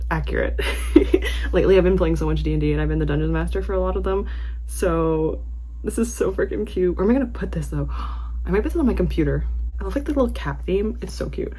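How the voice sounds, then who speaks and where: A woman book vlogger chatting casually to camera, with many fillers and lively swings in pitch. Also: fast talker, husky.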